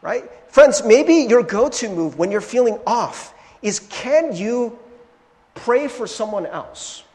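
A man preaching a sermon as pastor, conversational and animated, with frequent "right?" asides and restarts, in a church sanctuary. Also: very high voice, slow pace. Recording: long hall reverb from a church sanctuary.

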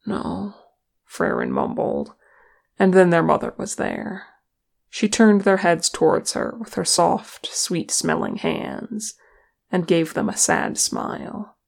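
A reader narrating a fan fiction story in a steady, measured way. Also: medium pitch, gravelly. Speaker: audiobook reader.

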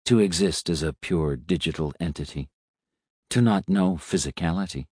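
A man voicing an old male robot who speaks gently and quietly, with a sad, measured manner. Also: low voice, slightly rough, dry recording, studio quality. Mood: gentle.

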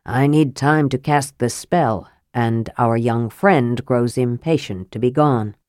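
Woman voicing a sly male mage, soft murmur, very low, dry recording, audiobook. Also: slow pace, no room sound. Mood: sardonic. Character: frail, sly male mage, cold and sardonic. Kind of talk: audiobook character voice.

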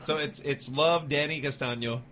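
Male radio co-host, bright tone, rambling self-corrections, frequent laughter. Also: a little high, moderate pace, a little hiss or hum. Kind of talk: casual joking chat.

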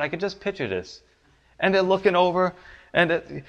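A pastor preaching a sermon, his voice climbing high and loud for the pleas and dropping low and soft on the promises. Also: moderate pace.

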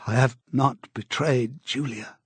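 A man voicing a broken male prisoner who speaks slowly and pleadingly, with a husky voice. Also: mid-range voice, fairly even intonation, no room sound.

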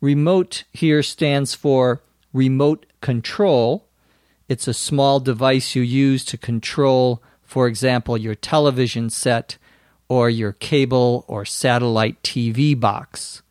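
A man's voice: mid-range voice, darkish tone, dry recording. A man hosting an English-learning podcast, patiently explaining words with a bit of dry humour. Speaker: English teacher, podcast host. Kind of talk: explaining a lesson.

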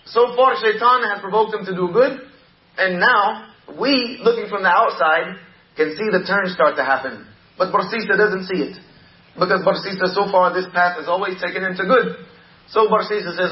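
A man's voice: sits high, normal speed, echoey room, highs cut off. A male preacher telling a story in a sermon, with repetitive, emphatic delivery.

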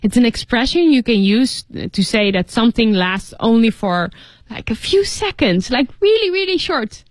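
A woman's voice: fairly high pitch, lively intonation, normal speed, dry recording, studio quality. A woman co-hosting an English lesson, explaining words casually with many likes and fillers. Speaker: co-host reading a story.

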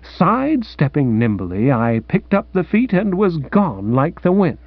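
A man narrating a comic audiobook with a lively, mock-grand storytelling manner. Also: a little high, unhurried, dry recording. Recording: dry, dull lo-fi recording.

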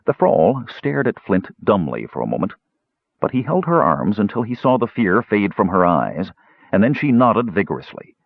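Husky male audiobook narrator, lively expressive reading, dry close sound. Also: fairly low pitch, normal speed, dry recording, phone-quality sound.

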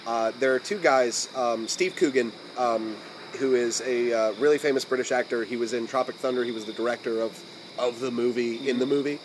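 An American man hosting a podcast, chatting casually in a General American accent at a mid pitch. He rambles through thoughts with lots of "like" and restarts, and he gets animated and squeaky when something amuses him. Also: a little fast, noisy background. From United States. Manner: rambling, many restarts and "like" fillers. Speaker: podcast host. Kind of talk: casual chat.

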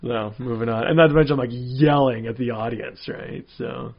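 A man's voice: medium pitch, moderate pace, muffled recording. A man, a stand-up comedian, chatting casually and rambling with many fillers. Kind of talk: casual chat.

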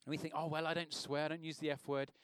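A man's voice: on the high side, flat delivery, quick pace, a bit bright, smooth, no room sound, clean studio sound. A man preaching an informal sermon in a church, talking conversationally and asking the congregation questions.

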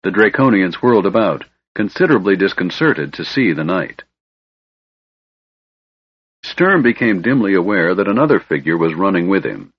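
Low husky male audiobook narrator. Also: very animated, dry recording. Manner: measured, dramatic storytelling. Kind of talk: scripted fantasy narration. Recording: dull lo-fi recording, dry.

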